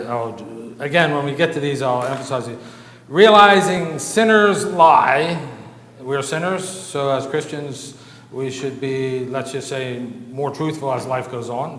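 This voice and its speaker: Man, church lecture, chatty with fillers, long hall reverb, faint background hiss. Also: mid-range voice. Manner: conversational, many fillers and asides, checks in with "okay?". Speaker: lecturer at a church Bible institute. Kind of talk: informal church lecture going over an outline. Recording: roomy hall echo, faint noise.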